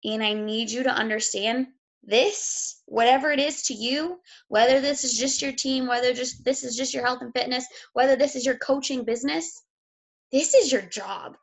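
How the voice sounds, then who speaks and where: A woman's voice: sits high, normal speed. A woman, a fitness coach giving a blunt, emotional motivational talk, sick and close to tears, swearing freely.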